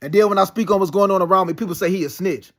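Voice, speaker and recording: Fast, high-voiced man ranting heatedly. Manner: rambling, profane, heated and insistent. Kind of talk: casual monologue.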